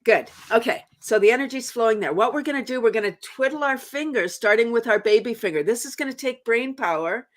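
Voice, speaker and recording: A woman's voice: on the high side, lively intonation, a little fast, few pauses. A woman guest guiding laughter yoga exercises, upbeat and instructive, laughing often between instructions.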